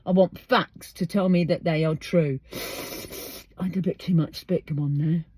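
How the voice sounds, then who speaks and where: A woman's voice: lowish voice, steady tone, normal speed, a little mellow, slightly rough, no room sound. Chatty English woman, dry close sound. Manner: chatty, emphatic, full of rhetorical questions. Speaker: podcast host. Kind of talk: casual monologue.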